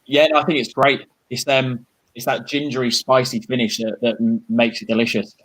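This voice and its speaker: An easygoing man talks cocktails and food pairings with open enthusiasm. He leans on "like" and quick restarts. His voice sits at a plain middle pitch for a man. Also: little pitch movement, fairly bright tone. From United Kingdom. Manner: easygoing, enthusiastic, filler-heavy with "like". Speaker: bartender and co-host. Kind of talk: casual live tasting chat.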